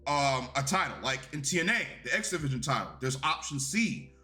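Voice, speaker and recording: A man's voice: a little high, lively intonation, brisk, sharp tone, soft background music. A young man giving a casual, rambling and profane review of a wrestling show.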